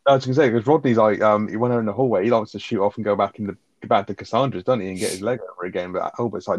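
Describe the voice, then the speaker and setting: A man's voice: on the low side, fairly even intonation, racing, darkish tone, husky, dull audio. A man co-hosting a casual chat about a sitcom episode, rambling with plenty of fillers and swearing. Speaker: podcast co-host.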